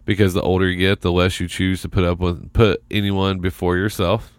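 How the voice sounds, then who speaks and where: A man's voice: low-pitched, little pitch movement, a little fast, clear, resonant tone, dry recording, studio quality. A man hosting a casual chat show, reading from an article and talking in loose, rambling sentences. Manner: conversational, reads from articles, trails off into restarts.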